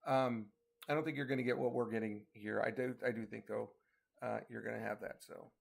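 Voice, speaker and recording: A man's voice: lowish voice, steady tone, fairly quick, creaky, husky. A middle-aged man hosting a casual livestream weather briefing, chatting in a folksy way and answering viewer comments. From northeastern Colorado.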